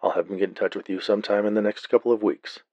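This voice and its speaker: Deadpan cop, read by a man, low husky voice, flat and unbothered. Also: very fast, no echo, highs cut off. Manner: flat, matter-of-fact. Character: calm deadpan male police officer.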